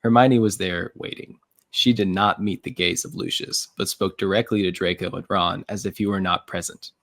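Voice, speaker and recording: A man's voice: sits low, fairly even intonation, normal speed, a bit bright, dry recording. A man hosting a fan read-through, narrating his own story and chatting playfully with friends. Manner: playful, laughs often. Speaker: host and story writer. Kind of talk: reading narration and casual chat.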